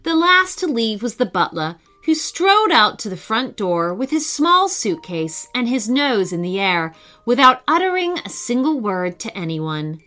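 A woman narrating a scripted children's story in an expressive, sing-song way. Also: on the high side, measured pace. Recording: faint background music.

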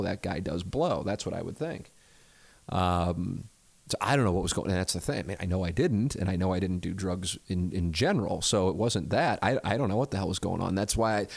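Low gravelly man rambling candidly. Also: dry recording. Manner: hesitant and rambling, self-deprecating, swears freely. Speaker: podcast host. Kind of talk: candid reflective chat.

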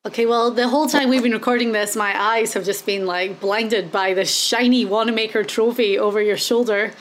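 A woman's voice: on the high side, fairly even intonation, normal speed. A woman hosting a podcast, chatting enthusiastically and saying "like" often. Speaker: podcast host. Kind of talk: casual podcast interview.

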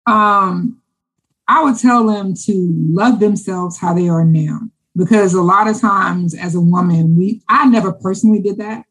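Husky-voiced woman chatting enthusiastically. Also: medium pitch, unhurried, poor audio. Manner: enthusiastic, chatty, repeats words when excited. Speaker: interview guest. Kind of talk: casual conversation.

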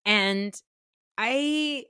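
A woman's voice: a little high, extremely slow, bright, forceful tone, smooth, no room sound, clean studio sound. A young adult woman hosting a podcast, recapping TV in casual, sarcastic, profane chat with laughing asides. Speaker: podcast host.

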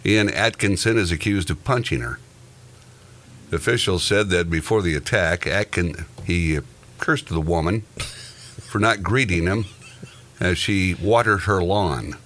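A man with a very deep voice reads quirky news items aloud. He turns them into casual, joking banter with his co-host. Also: unhurried, fairly bright tone. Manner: reads odd news items then jokes about them.

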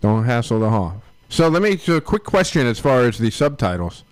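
A man's voice: mid-range voice, sing-song, fairly quick, no room sound. A man co-hosting a podcast in casual chat, joking and teasing his friends. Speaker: podcast co-host.

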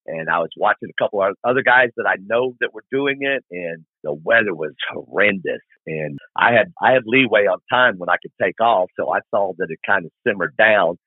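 A middle-aged man with a fairly low, husky voice tells stories in a lively, casual way and acts out each scene. The sound is dry and thin, like a phone call. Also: no echo. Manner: animated, colloquial storyteller who acts out scenes. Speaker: guest, long-distance motorcycle rider. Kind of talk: podcast interview storytelling. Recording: tinny phone-like remote line.

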